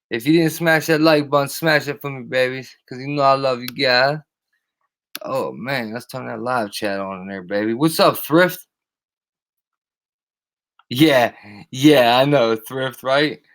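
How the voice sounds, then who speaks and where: A man's voice: mid-range voice, a bit bright. A man hosting a live stream, ranting casually and profanely and greeting his chatters by name.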